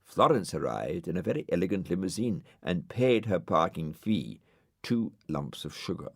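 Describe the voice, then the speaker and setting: A man narrating a children's storybook in a lively, expressive way. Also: low voice, normal speed, gravelly, husky, dry recording, studio quality. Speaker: audiobook narrator.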